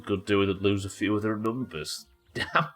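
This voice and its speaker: Male game streamer, low voice, loose and sweary, faint music underneath. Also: fairly even intonation, moderate pace. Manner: chatty and profane, joking with chat. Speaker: gaming livestream host. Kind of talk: casual live commentary while gaming.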